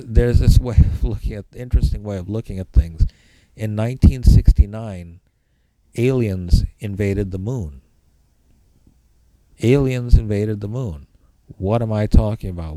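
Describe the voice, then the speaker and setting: Dark-voiced man giving a rambling lecture. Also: fairly low pitch, dry recording, poor audio. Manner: rambling, repeats key points for emphasis. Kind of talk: informal spoken lecture.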